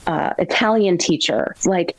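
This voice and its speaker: A woman being interviewed as a grammar expert, telling lively classroom stories. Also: on the low side, moderate pace, no room sound, poor audio. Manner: storytelling, animated quotes. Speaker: guest, grammar expert and author. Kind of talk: interview conversation.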